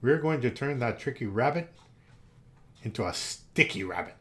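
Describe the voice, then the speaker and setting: A man's voice: medium pitch, lively intonation, moderate pace, fairly bright tone, natural voice. A man doing a grumbling, scheming storybook fox. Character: scheming grumpy male fox. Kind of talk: storybook read-aloud.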